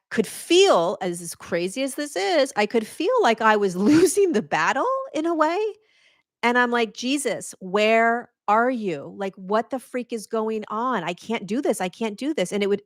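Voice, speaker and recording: A woman hosting a podcast who tells a personal spiritual story straight to her listeners, earnest and animated, often restarting her words when excited. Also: on the low side, dry recording, clean studio sound. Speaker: podcast host.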